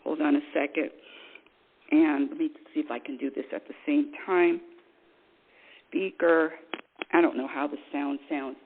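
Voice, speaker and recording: A woman hosting a spiritual call-in radio show, preaching in an animated way and acting out quoted voices. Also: low-pitched, measured pace, long pauses, narrow, tinny audio, a little hiss or hum. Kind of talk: spiritual talk radio monologue.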